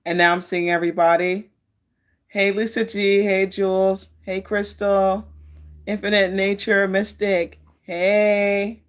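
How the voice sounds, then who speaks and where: A woman hosting a tarot live stream speaks slowly, with a medium pitch and a flat delivery. She rambles in a friendly, casual way, chatting and meandering and greeting viewers by name.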